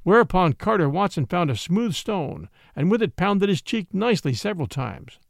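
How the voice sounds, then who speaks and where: Male audiobook narrator, expressive, slightly raised pitch, dry booth. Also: moderate pace, creaky, dry recording. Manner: expressive, lively storytelling.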